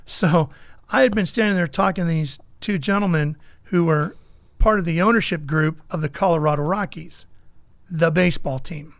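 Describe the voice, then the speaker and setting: A middle-aged man, a motorsports broadcaster, telling a story with lively energy in a podcast interview. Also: on the high side, moderate pace, dry recording, clean studio sound. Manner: lively anecdotal storyteller, acts out the people in his stories.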